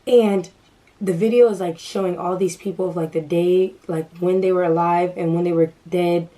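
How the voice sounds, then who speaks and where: A woman's voice: fairly low pitch, fairly even intonation, moderate pace, dark tone, poor audio. A young woman vlogger telling a story to camera, casual and nervous, stuttering and restarting often. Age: young adult.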